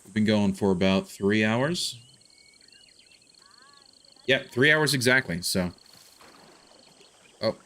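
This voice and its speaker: Here a male streamer talks through his gameplay in a loose, casual way, full of filler words and restarted thoughts. His lowish voice sounds pushed and bright, animated but slow, with long pauses.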